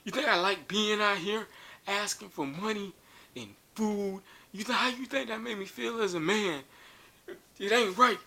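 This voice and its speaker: A man voicing a big, angry homeless man who rants loudly about his hard life. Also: sits high, normal speed, creaky, pitched above the performer's own voice, exaggerated voice. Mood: ranting. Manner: loud, ranting and complaining.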